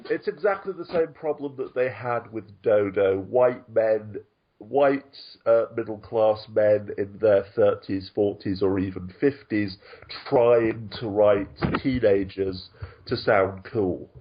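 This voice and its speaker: A man's voice: fairly low pitch, slow, muffled recording, slight background noise. A man co-hosting a casual podcast chat over an online call, laughing often and restarting his sentences. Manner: chatty, laughs often, frequent ums and restarts. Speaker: podcast co-host.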